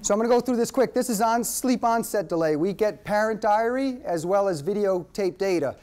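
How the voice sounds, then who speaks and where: Speaking quite quickly in a high-pitched voice, this man presents a workshop lecture. He's a lively storyteller who drives his main points home by repeating them.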